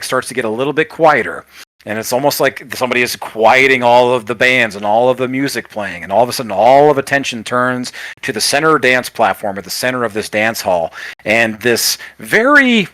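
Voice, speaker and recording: A man narrates as game master, rambling and restarting his sentences as he describes the scene. His voice sits in an ordinary middle pitch. The recording is dry with no room sound. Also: a bit bright, no echo. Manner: rambling with many fillers and restarts.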